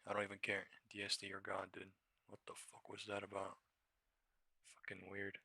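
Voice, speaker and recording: Young guy streamer, low bright voice, cussing and roasting chat, dry close mic. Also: completely flat delivery, normal speed, gravelly, no room sound. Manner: profane, mocking, reacts to chat. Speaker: live trading streamer. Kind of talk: casual livestream commentary.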